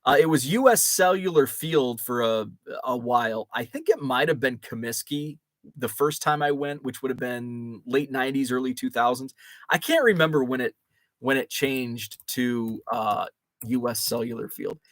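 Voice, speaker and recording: A man's voice: mid-range voice, moderate pace, fairly bright tone, no room sound. A man, hosting a casual live chat and reading viewer comments with many fillers and restarts. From Chicago area. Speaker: host.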